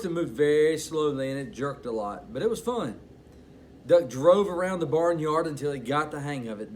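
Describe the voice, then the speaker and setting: A man reading a picture book aloud to children in an expressive bedtime-story manner. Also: fairly high pitch, slight background noise.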